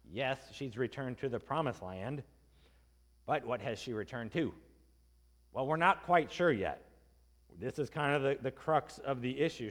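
Male preacher, casual teaching sermon, mid-pitched voice, long hall reverb. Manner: conversational, asks the congregation questions, acts out quotes in casual voices. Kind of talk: expository sermon.

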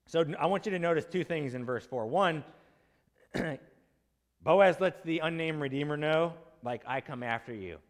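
A man's voice: a little high, normal speed, in a large hall. A man preaching an expository sermon in a conversational way, asking his listeners questions and acting out quotes in casual voices.

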